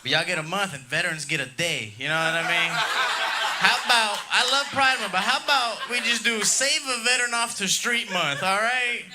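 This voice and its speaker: Male stand-up, brash and crowd-baiting, slightly high voice, live club mic with room noise. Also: normal speed. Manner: brash, crowd-baiting, tags jokes with "dog" and "you know what I mean". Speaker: stand-up comedian. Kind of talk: crude stand-up set. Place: comedy club stage.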